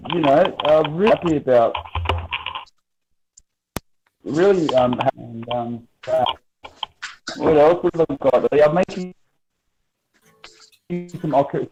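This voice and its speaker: A man's voice: mid-range voice, background noise. An Australian man in his forties, swearing and joking in casual banter on a video call. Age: 40s. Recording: dull lo-fi call audio.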